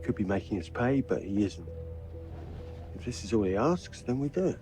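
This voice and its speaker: An eager film crew leader. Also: male voice, fairly low pitch, big pitch swings, normal speed. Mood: urging. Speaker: game character. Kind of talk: video game dialogue. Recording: music under game audio.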